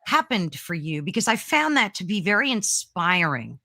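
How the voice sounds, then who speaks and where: A woman's voice: lowish voice, very animated, moderate pace, creaky, sharp tone. A woman hosting a podcast interview over a video call, asking questions in an enthusiastic, encouraging way. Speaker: podcast host.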